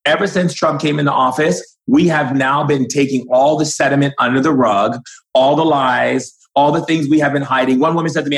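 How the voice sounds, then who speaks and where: A man's voice: medium pitch, steady tone, fairly quick, low-quality recording. A man speaking as a spiritual guide in an impassioned, preachy way, acting out quoted conversations.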